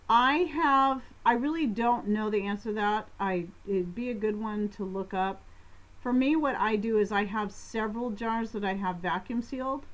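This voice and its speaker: A woman co-hosting a homestead live stream, answering viewer questions in a loose, chatty way. She rambles, cuts herself off and jumps between thoughts, with a light laugh never far away. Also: medium pitch. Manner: rambling, self-interrupting, quick laughs. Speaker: co-host of a homestead live show. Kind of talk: casual live-stream Q&A chat.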